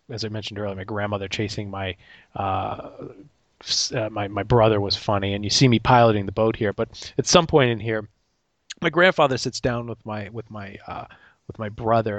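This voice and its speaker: A man's voice: lowish voice, a bit bright, no room sound. A man hosting a casual chat, rambling with frequent restarts. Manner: rambling, with many restarts and laughs. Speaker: podcast host.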